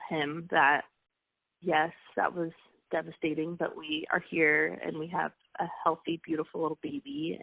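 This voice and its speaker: A young woman with a fairly low pitch and vocal fry, the wife of a wrestling coach, speaks as an interview guest in casual storytelling, chatty and emotional with frequent restarts. The phone-like line is tinny and dry, with no room sound.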